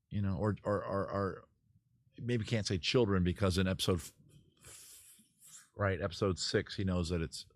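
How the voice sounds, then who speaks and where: Low-pitched male streamer, dry close sound, chatty, profane, animated storyteller. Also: dry recording. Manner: animated, acts out scenes in quick put-on voices; profane, self-interrupting. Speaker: livestream host. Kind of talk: casual rambling monologue. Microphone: camera mic.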